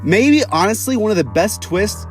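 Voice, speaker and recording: A young man hosting a casual video review, his voice sitting fairly high. He talks in a chatty, opinionated way, with light music playing behind him. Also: expressive, moderate pace. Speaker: YouTube villain reviewer.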